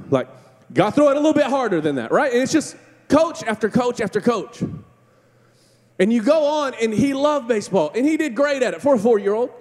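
A man's voice: extremely high pitch, big pitch swings, fairly quick, a little mellow. A man in his thirties preaching a sermon as campus pastor, telling stories in a chatty, joking way with acted-out quotes. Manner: conversational, jokey storytelling with acted-out quotes. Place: church sanctuary. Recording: long hall reverb in a church.

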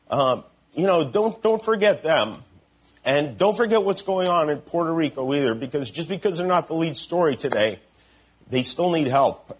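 Husky, emotional man in his fifties. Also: a little high. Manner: halting, earnest, with pauses and restarts. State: emotional, voice breaking. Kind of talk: emotional on-air appeal.

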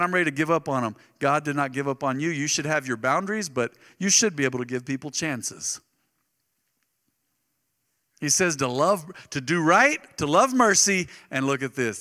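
A middle-aged pastor delivers his sermon with a bright, forceful voice that sits a little high. He tells stories animatedly, jumping from loud bursts to hushed asides. The live church sound carries a long reverb. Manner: animated storytelling, swings between loud bursts and soft asides. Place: church sanctuary.

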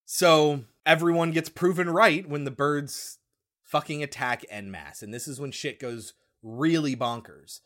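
A man's voice: fairly high pitch, a little slow. A man casually recapping a horror film on a podcast, swearing and acting out scenes. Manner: animated storyteller, swears, slips into voices. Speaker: podcast co-host.

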